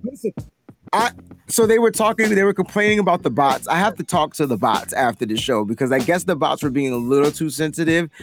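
A young man runs a casual livestream podcast, rambling loosely and breaking into shouts and laughs. His voice sits a bit high for a man. Soft music plays faintly behind him. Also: animated, brisk. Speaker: podcast host.

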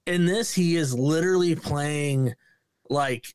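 Profane, animated man reviewing a movie. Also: on the high side, takes it slowly, smooth, no echo, studio quality. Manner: profane, animated, mimics lines with bursts of voices. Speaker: podcast co-host. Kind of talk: casual movie review chat.

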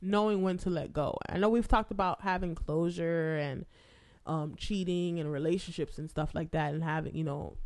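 A woman's voice: on the low side, dry recording, studio quality. A woman hosting a podcast, chatting casually and bluntly, cursing freely as she tells a story. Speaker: podcast host. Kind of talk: casual profane chat.

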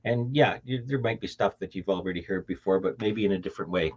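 A man's voice: deep voice, fast, a little hiss or hum. A man with a Canadian accent hosting a casual podcast chat, rambling through restarts and laughing easily. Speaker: podcast host. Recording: dull lo-fi audio.

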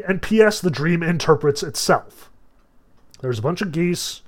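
A man's voice: sits high, sing-song, normal speed. A man giving a casual lecture and reading passages aloud, in a chatty, questioning style full of "like" and "you know". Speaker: literature teacher.

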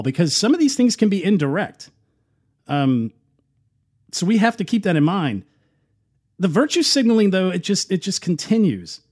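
A man delivers opinionated political commentary in a loose, conversational way. His voice sits a little high, and he talks with a sarcastic, scoffing edge. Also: sing-song, moderate pace, long pauses, a little mellow. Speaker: commentary show host.

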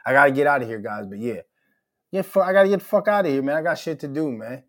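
Middle-aged male podcast host, middle pitch, loud profane ranter. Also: animated, fast talker. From Minnesota. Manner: profane, heated, loud rants. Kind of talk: casual ranting commentary.

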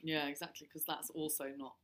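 A woman's voice: low-pitched, level tone, a little fast. A young woman in a casual group discussion, agreeable and often finishing others' sentences. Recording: loud background noise.

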